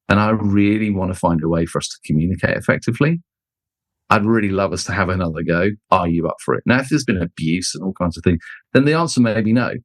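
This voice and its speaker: Middle-aged male guest, slightly low voice, expressive anecdote teller, dry close mic. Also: dry recording. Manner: expressive, acts out quoted people with jumps in pitch. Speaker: guest, leadership author and speaker. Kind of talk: animated storytelling in conversation.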